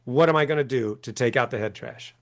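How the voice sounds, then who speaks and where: A man's voice: mid-range voice, brisk. A man guest on an interview show, talking emphatically, acting out quoted voices and often asking "right?". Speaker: author and coach, guest. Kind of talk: animated interview talk.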